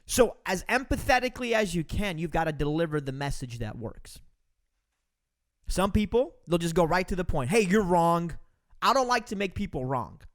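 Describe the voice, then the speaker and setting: A man's voice: sits high, very animated, normal speed. A man hosting a podcast, giving an emphatic, preachy motivational talk to his listeners. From Romania. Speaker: podcast host. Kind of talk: motivational monologue.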